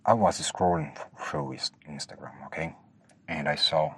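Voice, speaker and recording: A man's voice: sits low, slightly rough. A man hosting a solo podcast, rambling nervously and hesitantly, often apologizing for how he talks. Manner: hesitant, self-deprecating, restarts often. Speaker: podcast host.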